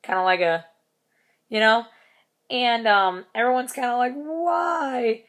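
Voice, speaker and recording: A woman's voice: on the high side, normal speed, fairly bright tone, clear, resonant tone. A young woman telling a story in a casual vlog, rambling, swearing casually and laughing between lines. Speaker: vlogger.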